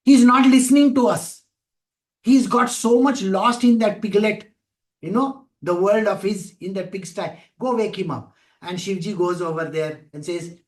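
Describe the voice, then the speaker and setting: A man teaching a class on scripture, telling stories with lively acted-out voices and asking his listeners questions. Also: high-pitched, normal speed. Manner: animated storytelling, acting out voices of people and gods. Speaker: spiritual teacher.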